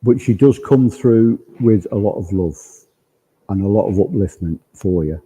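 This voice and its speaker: A man's voice: lowish voice, normal speed, warm tone, slightly rough, rough recording. A man working as a spiritualist medium, relaying spirit messages to the congregation in quoted speech during a service. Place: village hall.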